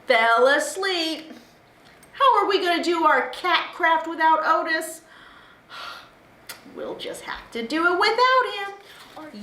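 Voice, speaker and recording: A woman's voice: extremely high pitch, sharp tone. A woman children's librarian leading a story time and craft, talking to young kids in a cheerful, sing-song way. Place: library room. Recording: roomy echo, faint background hiss.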